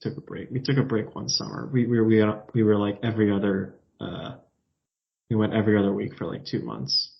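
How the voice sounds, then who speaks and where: A man hosting a podcast in casual chat, measured and dry. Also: on the low side, steady tone, vocal fry, lo-fi sound. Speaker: podcast host and editor.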